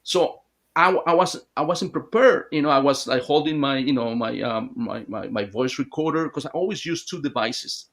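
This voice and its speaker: A man guesting on an interview, telling a long story in a halting, rambling way with many restarts. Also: mid-range voice, a bit bright. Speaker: hypnotherapist guest.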